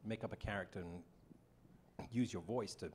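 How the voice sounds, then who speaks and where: A man on a convention panel answering a question, pausing often to search for words. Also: on the low side, darkish tone, a little hiss or hum. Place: convention hall.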